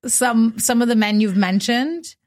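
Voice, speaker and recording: A woman's voice: on the high side, a little slow, a little mellow. Playful young woman podcast co-host. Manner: playful, teasing with filler words. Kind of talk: casual chat.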